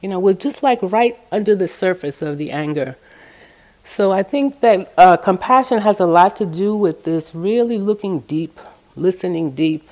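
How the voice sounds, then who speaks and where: A middle-aged woman giving a meditation talk, telling stories from her work in a gentle, storytelling way. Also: medium pitch, expressive, normal speed. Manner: gentle, storytelling, acts out quoted voices. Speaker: meditation teacher. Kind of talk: dharma talk with personal stories.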